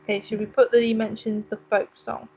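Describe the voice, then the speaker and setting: A woman's voice: medium pitch, level tone, brisk, a little mellow, breathy edge, muffled recording. Chatty woman playing a video game. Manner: chatty, muses aloud while reading game text. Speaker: let's play co-host. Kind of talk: casual gaming commentary.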